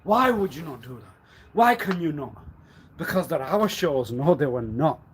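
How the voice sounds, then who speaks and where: A man rambling on a live stream, repeating himself and swinging suddenly between loud and quiet. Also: a little high, big pitch swings, moderate pace, slight background noise. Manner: erratic, repetitive, with sudden swings in loudness. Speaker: livestreamer.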